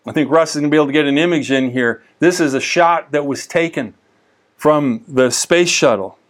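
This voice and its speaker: A man teaching the Bible in a casual, conversational way, telling stories with lively asides and frequent restarts. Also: a little high, normal speed.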